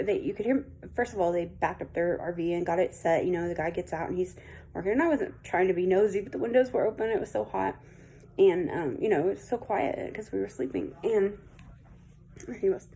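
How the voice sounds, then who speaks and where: A woman's voice: mid-range voice, creaky, mellow, slight background noise. A woman vlogger telling a story to her viewers in a chatty, rambling way, with small laughs and asides.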